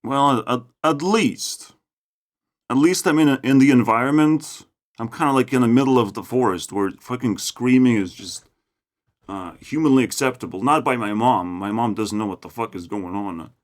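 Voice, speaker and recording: A young man with a Lithuanian accent, ranting outdoors in a forest, profane and mocking, going from loud outbursts to low mutters. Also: moderate pace. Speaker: vlogger. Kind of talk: ranting monologue.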